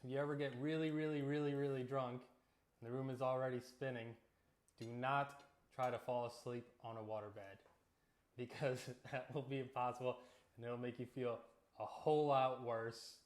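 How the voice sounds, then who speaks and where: A man hosting a casual cooking vlog, telling relaxed, joking stories as he cooks and eats in his home kitchen. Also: medium pitch, normal speed. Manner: relaxed storytelling with jokes. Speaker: cooking vlogger.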